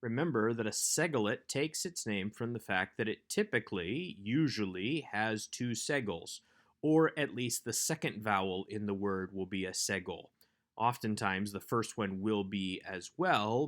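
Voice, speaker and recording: A man giving a recorded workbook lesson as a Hebrew instructor, explaining grammar in a measured way. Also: fairly low pitch, a bit bright.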